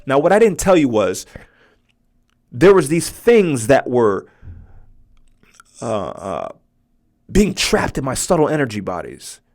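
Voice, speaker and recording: A man in his forties talks through a personal story on his podcast at an ordinary mid pitch. He keeps it conversational and keeps checking in with the listener with a quick "right?". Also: huge pitch swings, darkish tone. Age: 40s. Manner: conversational, often asks "right?". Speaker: podcast host.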